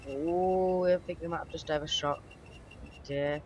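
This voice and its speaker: A woman's voice: low voice, fairly even intonation, a little slow, dull audio. A woman giving chatty, self-correcting commentary while she plays a game. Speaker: channel host. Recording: train engine noise underneath.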